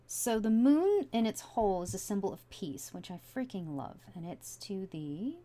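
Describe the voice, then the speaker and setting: A woman's voice: medium pitch, big pitch swings, moderate pace, warm tone. A woman giving a casual tarot reading from home, musing aloud as she turns over each card. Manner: chatty, musing aloud with many likes and you-knows. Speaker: tarot reader.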